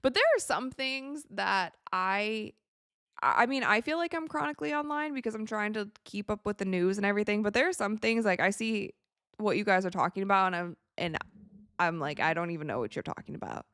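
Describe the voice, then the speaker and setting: A young woman from the United States hosting a live watch party, chatting casually with viewers and reacting excitably to the game. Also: medium pitch, brisk, smooth, no echo, studio quality. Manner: chatty, excitable, reads viewer messages aloud. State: tired, yawning.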